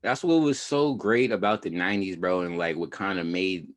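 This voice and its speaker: A young man with a low-pitched voice co-hosts a podcast, trading slangy banter at a moderate pace. The chat is casual, and he laughs often.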